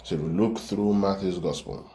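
A man with a low, deep voice leads a Bible-study sermon for his church class. He reads verses aloud, repeats key phrases and keeps checking in with "right?". His voice rings out in a reverberant room. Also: normal speed, vocal fry, warm tone, slight background noise. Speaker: preacher teaching a church class.

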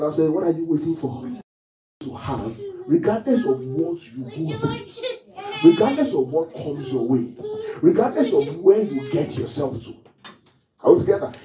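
A man preaching to a congregation, his fairly high voice leaping up and down with each point. His tone is mellow and dark, and he keeps asking the room questions. He is heard from some distance in a roomy, echoing hall. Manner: questions the congregation often, call and response. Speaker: pastor. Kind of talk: sermon. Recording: echoey hall, mic far off.

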